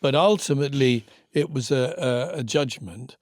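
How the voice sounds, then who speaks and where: A middle-aged man co-hosting a podcast, a former TV commissioner telling anecdotes in a relaxed, reflective casual chat. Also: mid-range voice, moderate pace, no room sound, studio quality.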